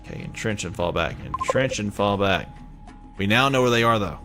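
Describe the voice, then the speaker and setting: A man with a Southern US drawl chats his way through a strategy game in a lowish voice. He rambles, second-guesses himself and pokes fun at his own choices. Soft music plays faintly behind him. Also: lively intonation, moderate pace. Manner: rambling, chatty, self-mocking. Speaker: let's play gamer. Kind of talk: casual gameplay commentary.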